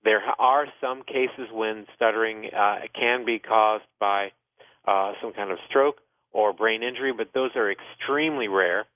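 On a call-in radio health program, a male doctor serving as host offers advice in long explanations dotted with "uh." He speaks a little slowly in a low-leaning voice, and the recording is dry and thin, like a phone line.

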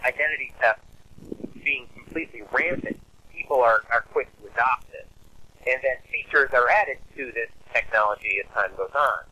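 A man's voice: mid-range voice, lively intonation, normal speed, pushed and bright, slightly rough, dry recording, poor audio. A man in casual conversation, explaining a film's ideas at length in a thoughtful way, with many fillers. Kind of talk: casual film discussion.

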